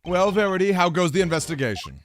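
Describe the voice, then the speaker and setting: A man putting on a weepy, sentimental old gentleman. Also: sits high, sing-song, fast talker, soft background music, voice pushed up. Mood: genial. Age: older. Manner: tearful, fatherly, theatrical. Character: sentimental old man, former chief prosecutor.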